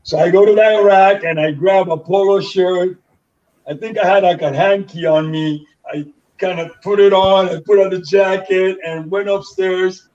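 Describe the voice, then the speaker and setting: High-voiced man from Panama, far from the mic. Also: moderate pace. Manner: animated storyteller who acts out others' dialogue. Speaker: guest. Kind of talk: casual storytelling interview. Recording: distant mic, dull lo-fi sound.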